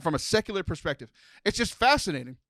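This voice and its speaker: Male podcast host from Texas, animated rambler, bright tone. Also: high voice, fast, no room sound. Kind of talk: casual podcast chat.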